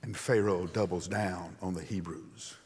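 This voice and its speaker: A man preaching a sermon in a conversational, animated storytelling way. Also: low voice, unhurried, a little hiss or hum. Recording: long hall reverb.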